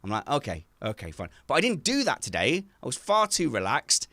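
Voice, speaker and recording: A man hosting a casual podcast from his garden shed, self-mocking and animated as he tells stories. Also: fairly high pitch, brisk, no room sound. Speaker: podcast host.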